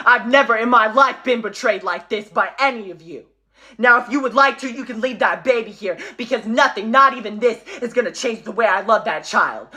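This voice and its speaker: A woman's voice: fairly high pitch, pushed and bright. A woman voicing an angry young man who bluntly tells off his own family. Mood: bitter. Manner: firm, blunt, cursing.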